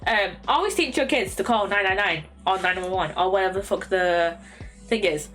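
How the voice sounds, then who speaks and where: Young English woman streamer, casual, rambling with many fillers, soft music underneath. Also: medium pitch, moderate pace. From England. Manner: rambling, many ums and restarts. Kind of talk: casual chat.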